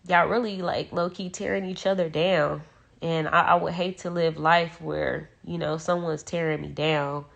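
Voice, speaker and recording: Young woman, low gravelly voice, emotional rambling phone livestream from a dark room at home. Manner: emotional, rambling with many fillers. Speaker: livestreamer speaking about her sister. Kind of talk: casual livestream talk.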